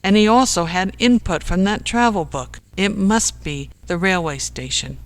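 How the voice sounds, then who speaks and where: An audiobook narrator reading a comic story in unhurried, measured scripted narration. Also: medium pitch.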